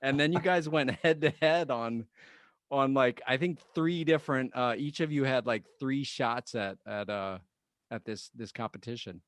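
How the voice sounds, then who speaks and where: A man's voice: medium pitch, moderate pace, fairly bright tone, no room sound, studio quality. A middle-aged man co-hosting a casual podcast, telling a band story with lots of laughing and repeated words. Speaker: podcast co-host, band member.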